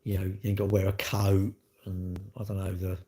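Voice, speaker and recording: A man's voice: low-pitched, completely flat delivery, brisk, dark tone, slightly rough. A man chats on his livestream in a loose, rambling way. He circles back over the same points and sounds defensive as he talks to his viewers. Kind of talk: casual live chat to viewers.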